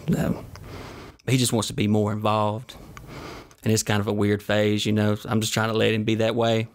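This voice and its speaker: Sweaty and flushed, this podcast host spins rambling, profane stories solo, tossing in jokes as he goes. His voice sits on the low side, delivered at a normal speed with a completely flat tone.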